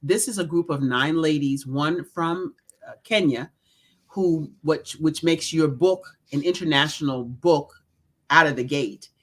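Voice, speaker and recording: A middle-aged woman, an executive coach and author, speaking as an interview guest in an earnest, measured way. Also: low voice. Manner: earnest, measured, lists things.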